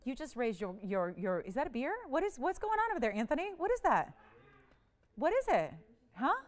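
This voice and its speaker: A woman hosting a live jewelry shopping show, pitching items in chatty, joking, upbeat patter. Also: very animated, brisk. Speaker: shopping channel host.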